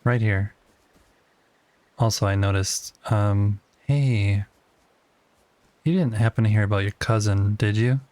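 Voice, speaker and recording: A man's voice: fairly low pitch, steady tone, slow pace, long pauses, darkish tone, no room sound. A man livestreaming a game, casually chatting with his viewers and teasingly talking to the creatures he meets.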